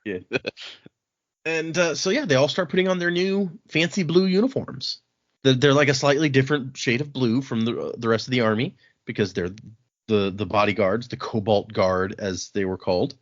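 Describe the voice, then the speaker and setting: A man's voice: mid-range voice, normal speed, highs cut off. A man hosting a podcast, casually retelling book scenes and acting out the characters' quoted lines. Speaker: podcast host.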